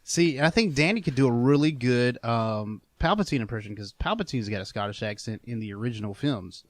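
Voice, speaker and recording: A male podcast co-host in casual chat, laughing between quick asides. His pitch moves animatedly through each sentence, and the sound is dry and close. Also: animated, dry recording.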